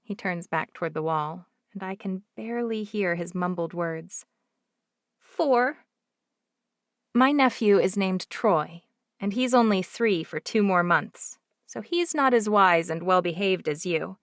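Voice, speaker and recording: A woman narrating a first-person romance audiobook in a lively, expressive way. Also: lowish voice, measured pace, no room sound, clean studio sound.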